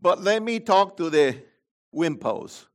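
High-voiced man preaching slowly. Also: animated. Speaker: pastor. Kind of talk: sermon.

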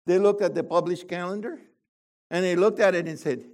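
An older man preaching a sermon to a congregation, animated and full of rhetorical questions. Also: high voice, brisk.

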